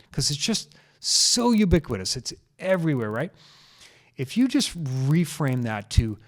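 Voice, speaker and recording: Earnest man hosting a health podcast. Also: mid-range voice. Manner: earnest, repeats phrases for emphasis. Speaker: chiropractor podcast host. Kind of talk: casual solo podcast talk. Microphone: talking into a microphone.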